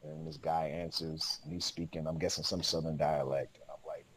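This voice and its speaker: A man's voice: very deep voice, little pitch movement, normal speed, a bit bright, slight background noise, rough recording. A man, a podcast guest, telling a long story in casual, slangy speech with lots of laughter.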